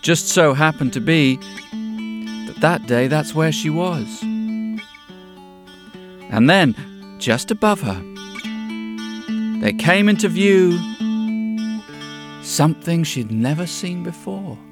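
A man's voice: a little high, animated, slow, long pauses, music in the background. A man telling a story in a dramatic way, often dropping to a whisper. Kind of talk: spoken storytelling to music.

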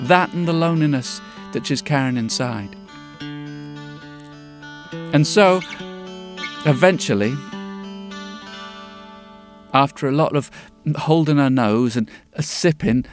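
A man telling a folk tale in a rhythmic, lilting way, dropping to hushed tones at times. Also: medium pitch, takes it slowly, long pauses, music in the background. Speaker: storyteller.

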